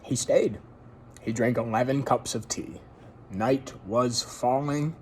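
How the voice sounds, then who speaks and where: A man's voice: medium pitch, fairly even intonation, slow pace, darkish tone, slight background noise. A man casually reading a story aloud, breaking off for chatty asides to his listeners. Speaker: story reader.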